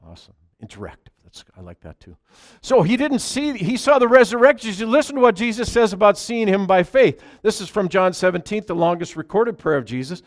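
A man preaching a conversational sermon, moving between loud, emphatic scripture reading and quiet asides to his congregation. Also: high voice, sing-song, a little fast, few pauses. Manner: chats with the congregation. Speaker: pastor.

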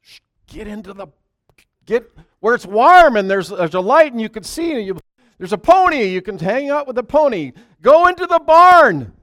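A man voicing an honest, kindly farmer who frets and pleads, with loud outbursts. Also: a little high, brisk, natural voice. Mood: pleading. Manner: fretful, pleading, bursts out loud. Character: honest middle-aged male farmer, doubting but kind.

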